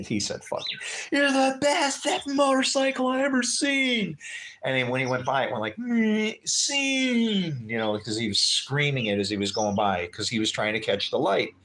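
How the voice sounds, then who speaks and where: A man's voice: mid-range voice, slight background noise. Middle-aged man telling a wild story. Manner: animated, acts out voices in his story. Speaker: livestream host. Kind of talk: casual storytelling.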